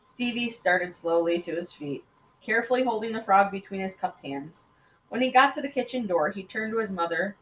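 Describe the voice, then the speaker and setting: A woman teacher reading a chapter book aloud to second graders in an expressive, animated way. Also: medium pitch, normal speed, a little hiss or hum. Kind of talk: reading a storybook aloud to children. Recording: echoey room.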